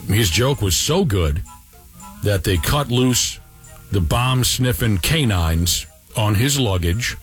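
A man hosting a radio show, telling an odd news story with sarcastic, mock-impressed banter. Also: fairly low pitch.

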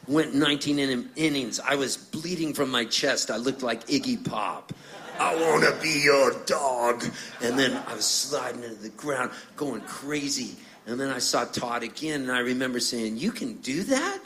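Middle-aged male troubadour, loose and playful onstage patter, average-pitched voice, faint room noise behind. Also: fairly bright tone, poor audio. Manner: rambling, playful, laughs through his stories. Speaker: singer-songwriter between songs. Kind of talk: onstage storytelling.

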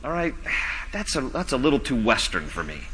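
A male pastor preaching a sermon, slow and emphatic, dropping low and soft on key lines. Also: very animated, breathy edge, long reverb tail, low-quality recording.

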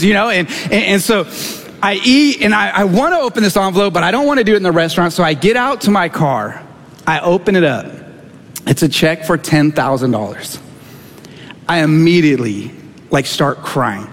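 Pastor, male, fairly high voice, candid storyteller voicing each character, reverb of a big hall. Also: normal speed. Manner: candid, animated storyteller acting out dialogue. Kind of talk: sermon storytelling.

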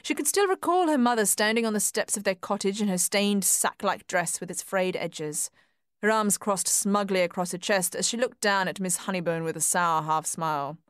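Soft-spoken woman narrating a story. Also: medium pitch, normal speed, smooth, dry recording, clean studio sound. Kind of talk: scripted audiobook narration.

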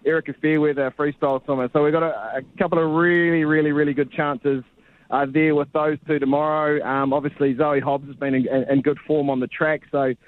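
A man's voice: a little high, flat delivery, a little fast, no echo, narrow, tinny audio. A man, a sports reporter chatting casually on radio in a laid-back, rambling way. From New Zealand.

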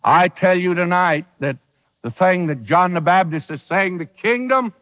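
A man's voice: sits high, normal speed, a bit bright, long reverb tail, highs cut off. A man preaching a sermon in a folksy, emphatic way, acting out quoted voices with drama. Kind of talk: radio sermon.

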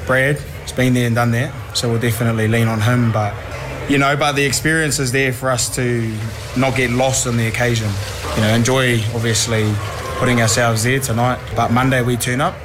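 Steady rugby co-captain over background noise. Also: male voice, mid-range voice, brisk. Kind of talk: press interview.

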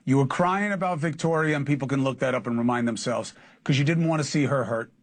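A male TV news interviewer speaks earnestly and reassures his guest. His voice sits at an ordinary male pitch. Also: fast talker.

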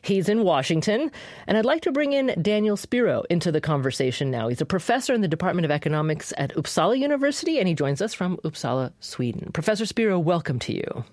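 A woman's voice: on the low side, sing-song, fast talker, a little mellow, dry recording, studio quality. A woman hosting a radio interview program, talking conversationally and steering the discussion. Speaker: radio talk show host.

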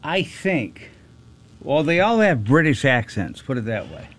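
A man's voice: on the high side, sing-song, a little slow. A man co-hosting a casual radio show, laid-back and giving short answers.

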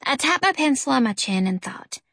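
A woman narrating a first-person children's story in an expressive, lively way. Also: sits high, a little fast, no echo, clean studio sound. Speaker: audiobook narrator.

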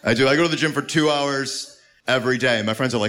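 On a comedy club stage before a live audience, a man performs a crude stand-up set on a handheld mic, brash and prone to sudden yelps. His mid-range voice is fast, pushed and bright, and the live club recording has a noisy room.

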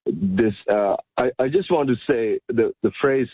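A male radio caller, hesitant and halting over a phone line. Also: mid-range voice, husky, no room sound.

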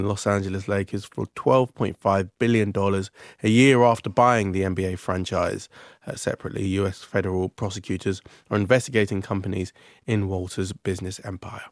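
A man with a lowish voice reads the sports news on a radio show. He moves along briskly and leans on "uh" between items. The studio sound is dry. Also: steady tone, dry recording. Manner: brisk, frequent "uh" fillers. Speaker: sports presenter.

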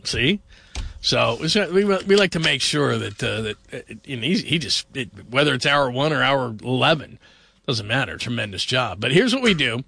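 A man's voice: medium pitch, sing-song, normal speed, vocal fry, sharp tone, husky, no room sound. A man hosting a late-night sports radio show, chatting and joking in a rambling, casual way. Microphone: studio microphone.

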